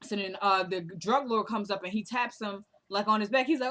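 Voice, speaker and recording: A woman's voice: mid-range voice, fairly even intonation, fairly quick, hardly any pauses, a bit bright. A young woman casually retelling a TV episode, acting out the characters' lines in a chatty way. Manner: chatty retelling with quoted dialogue. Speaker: recap host.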